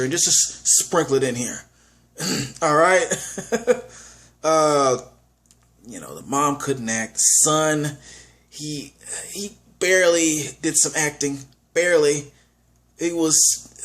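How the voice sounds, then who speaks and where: A man talks through a movie review in a casual, unscripted way. His voice sits a little high for a man. He is blunt and emphatic, and he says his main complaints twice to drive them home. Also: fairly bright tone. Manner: blunt, emphatic, repeats points for stress.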